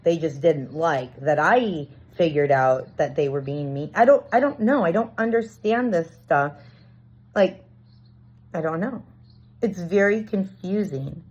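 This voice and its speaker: In a fairly low, darkish voice that stays animated at a measured pace, a woman reflects earnestly on a confusing personal experience. She searches for answers and plays out fragments of dialogue, all on a dull lo-fi recording.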